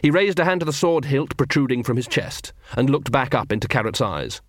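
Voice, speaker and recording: A man's voice: medium pitch, expressive, no echo. Man narrating an audiobook, dry sound. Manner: measured, dramatic storytelling. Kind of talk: scripted narration.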